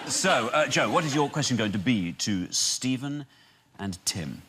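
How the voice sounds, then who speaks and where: A man's voice: mid-range voice, lively intonation, unhurried. A man hosting a comedy panel show, delivering scripted jokes in a dry manner. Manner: dry joke-telling delivery. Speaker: host. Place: TV studio. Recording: TV studio with loud audience and noise.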